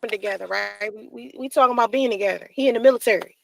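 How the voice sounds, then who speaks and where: A woman's voice: a little high, fast, gravelly, no room sound, poor audio. A woman telling a personal story in a casual, profane way, acting out the dialogue she quotes. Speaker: storyteller in a played clip.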